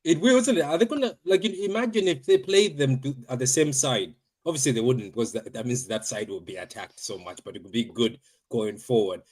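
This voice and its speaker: A man's voice: mid-range voice, brisk, few pauses, a little mellow, husky. Insistent teasing male stream host. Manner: insistent, teasing, repeats names. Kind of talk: panel chat on a live stream.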